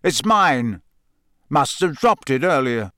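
A man voicing a gruff, menacing old male auror who speaks slowly with a growl. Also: mid-range voice, sing-song, bright, forceful tone, no room sound, full character voice.

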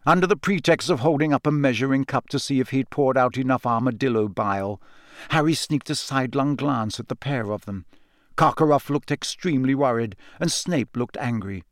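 A man narrating an audiobook in a steady, measured reading voice. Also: medium pitch, no echo, studio quality. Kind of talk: scripted narration.

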